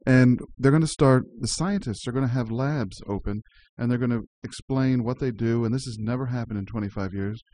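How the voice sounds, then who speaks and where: A man's voice: mid-range voice, fairly quick, few pauses, warm tone, no echo. A man hosting a community radio show, talking in a chatty way and laughing easily. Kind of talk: casual community radio chat.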